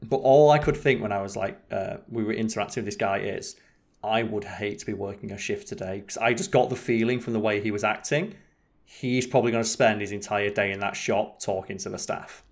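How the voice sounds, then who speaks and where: A man's voice: fairly low pitch, a little fast, creaky. Brief: young guy, casual podcast co-host, meandering and profane storyteller. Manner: rambling, swearing, many restarts.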